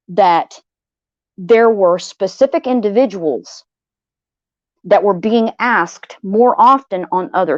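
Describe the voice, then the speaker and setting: A woman venting to her livestream viewers, blunt and heated, swearing freely and circling back to the same phrases. Her voice sits at a middling pitch. The audio is slightly dull and dry. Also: no echo. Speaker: livestream host. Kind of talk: venting personal story to viewers.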